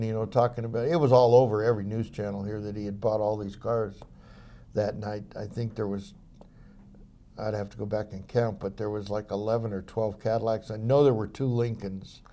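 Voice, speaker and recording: A mellow-voiced older man recounts his memories as an interview guest. He talks in loose, rambling sentences, full of fillers and false starts. His storytelling is relaxed and anecdotal. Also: lowish voice. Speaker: interview guest, former police officer.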